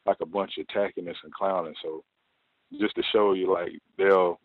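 A man's voice: sits low, fairly even intonation, normal speed, dry recording. A man calling in to a talk show, telling a workplace story in a loose, rambling way with many fillers. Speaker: caller. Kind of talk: casual call-in storytelling. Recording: tinny phone line.

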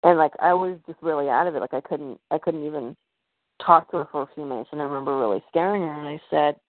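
A woman's voice: low-pitched, fast talker, dry recording. A woman as a podcast guest, telling a personal story in a hesitant way, full of fillers and restarts. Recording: tinny phone-like line.

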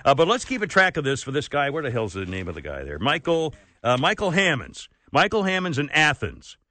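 A man's voice: fairly high pitch, huge pitch swings, fairly quick, sharp tone, no room sound. A man hosting a talk radio show, ranting in an exasperated, worked-up way and saying he is sweating. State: sweating, overheated. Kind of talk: opinionated talk radio rant.

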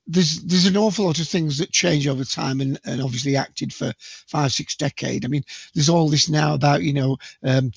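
A man's voice: on the high side, steady tone, moderate pace, gravelly, breathy edge, dry recording, dull audio. A man co-hosting a podcast, chatting casually in a rambling, hesitant way with many fillers. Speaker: podcast co-host. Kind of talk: casual chat.

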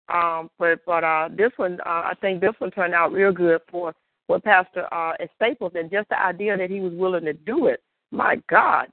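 A woman's voice: lowish voice, no echo. Woman testifying over a tinny line. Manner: halting, many fillers and restarts, folksy; exclaims praise to God. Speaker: church member giving a testimony. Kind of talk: rambling spoken testimony.

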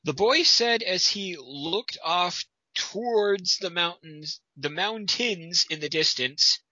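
A man's voice: a little high, pushed and bright, no room sound, lo-fi sound. A man co-hosting a comedic fan-story reading, riffing on the text in a sarcastic, incredulous way.

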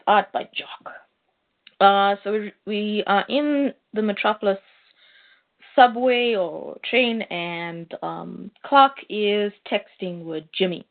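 A woman co-hosting a casual podcast, animatedly recapping a comic book and laughing along the way. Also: medium pitch. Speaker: podcast co-host. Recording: tinny phone-like sound.

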